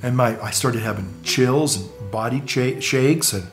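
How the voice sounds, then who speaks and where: A man's voice: medium pitch, animated, unhurried, few pauses, fairly bright tone, soft background music. A male priest telling a personal story in a casual, rambling way, repeating words and chuckling between phrases.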